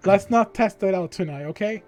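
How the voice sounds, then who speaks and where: High-voiced giggly male streamer. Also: fairly quick, a little mellow, soft background music. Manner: giggly, self-deprecating, rambling. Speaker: streamer host. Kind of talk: casual stream chat.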